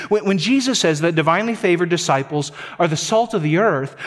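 Male pastor, middle-aged, high voice, emphatic sermon delivery that doubles words for stress. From North Dakota. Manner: emphatic, repeats words when stressing a point.

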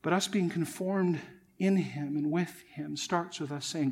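A pastor delivers his sermon in a fairly high male voice, earnest and emphatic. He presses his points home and keeps turning to the congregation as friends. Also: measured pace, a little mellow, husky. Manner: earnest, emphatic preaching, addresses listeners as friends.

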